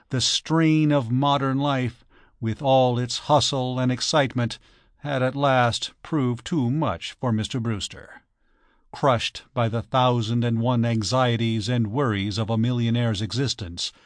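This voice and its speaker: A man reading an audiobook with measured, expressive storytelling. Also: medium pitch, no room sound, studio quality. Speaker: audiobook reader. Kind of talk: scripted narration.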